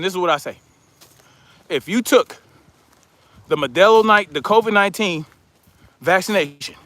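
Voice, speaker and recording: A man's voice: sits high, fairly bright tone. A man hosting a livestream who rants in a heated, profane, mocking way. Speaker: livestream commentary host. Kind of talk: casual livestream rant.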